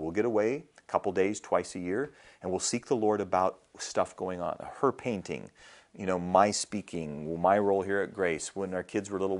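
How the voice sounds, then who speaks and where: A middle-aged male pastor preaching a sermon in a conversational storytelling way, often repeating words as he starts a thought. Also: low-pitched.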